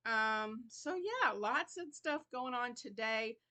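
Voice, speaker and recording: Middle-aged woman, channel host, casual rambling chat, a bit tired, slightly high voice. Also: expressive, takes it slowly, bright, forceful tone. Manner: chatty, rambling, yawns and laughs between thoughts.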